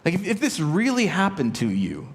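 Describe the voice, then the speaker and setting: A man's voice: high-pitched, huge pitch swings, normal speed. A man preaching a sermon as a pastor, chatty and joking, with asides and rhetorical questions. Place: large church sanctuary. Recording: long church reverb.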